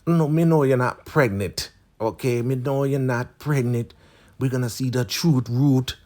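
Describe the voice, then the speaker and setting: A man's voice: medium pitch, a little slow, mellow, pitched above the performer's own voice, lightly acted. A man voicing a stern, scheming elder woman who leads a cult, taunting and insistent.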